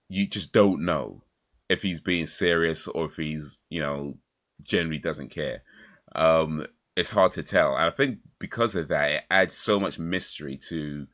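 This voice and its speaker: A man hosting a podcast, talking casually and rambling, with many restarts, fillers and quick laughs. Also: a bass voice, fairly bright tone. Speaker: podcast host.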